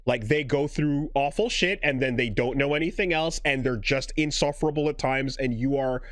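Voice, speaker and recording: A man co-hosting a casual podcast, reacting with quick affirmations and musing aloud. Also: medium pitch, no room sound, studio quality. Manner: lively reactions, frequent backchannel affirmations. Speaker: podcast co-host.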